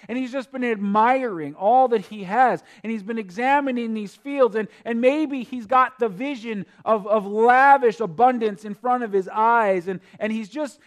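High-voiced male preacher. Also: moderate pace, hardly any pauses. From North Dakota. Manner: swings from quiet to loud, preaching with emphasis. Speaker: pastor. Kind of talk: sermon.

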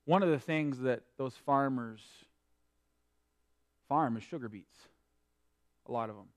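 A man preaching a sermon, swinging between quiet explanation and loud emphatic preaching. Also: medium pitch, a little slow. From North Dakota. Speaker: pastor.

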